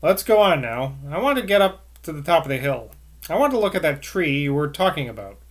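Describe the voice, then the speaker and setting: A man reading aloud plays a dry, cautious man of few words. He speaks briskly and impatiently, pitched up and loud. A storybook figure with a curt temper. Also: big pitch swings.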